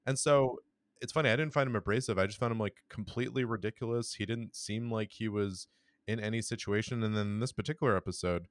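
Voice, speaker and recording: A man co-hosting a casual podcast chat, giving blunt, wry criticism with halting restarts. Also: lowish voice, no room sound, clean studio sound. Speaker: podcast co-host.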